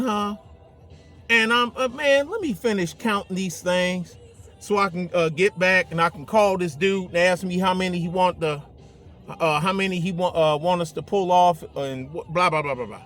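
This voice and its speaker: A man's voice: high voice, expressive, normal speed, a bit bright, faint music behind. A man telling a story in casual, rambling talk from inside his truck, trailing off into fillers. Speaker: vlogger. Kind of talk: casual storytelling while driving.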